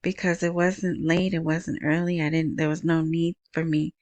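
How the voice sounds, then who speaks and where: A woman with a soft, small voice hosting a casual solo podcast, chatting in a rambling way into a wired earbud mic. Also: low voice, flat delivery, moderate pace, no room sound. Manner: rambling, chatty, self-interrupting. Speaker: podcast host.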